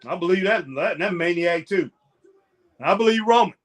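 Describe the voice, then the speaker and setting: A man's voice: sits high, moderate pace. A man co-hosting a casual chat about a live wrestling show. He laughs often and keeps saying "boy" and "man". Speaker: co-host.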